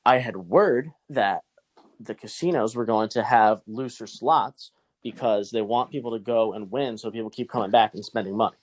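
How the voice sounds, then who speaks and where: A man's voice: on the low side, moderate pace, no echo. A young man casually telling a long, profane gambling story to a friend.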